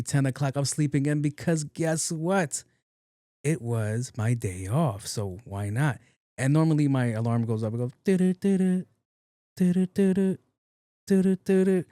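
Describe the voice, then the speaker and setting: A man's voice: medium pitch, mellow, no echo, studio quality. A man hosting his own podcast in a casual, rambling, profane monologue, often repeating words playfully. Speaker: podcast host.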